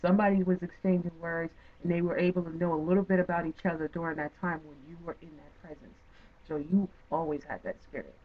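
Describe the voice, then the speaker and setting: A woman's voice: lowish voice, quick pace. A woman hosting an interview, talking in an earnest, affirming way and often repeating her points for emphasis. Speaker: talk show host. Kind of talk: encouraging interview talk. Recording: tinny phone-like sound.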